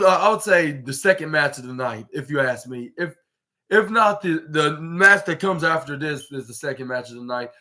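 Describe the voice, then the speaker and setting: A man's voice: fairly high pitch, pushed and bright. A man hosting a podcast, recapping wrestling in a rambling, casual way full of "like" and restarts, acting out what the wrestlers said. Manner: rambling, heavy use of "like" and restarts, acts out quotes. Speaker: podcast host.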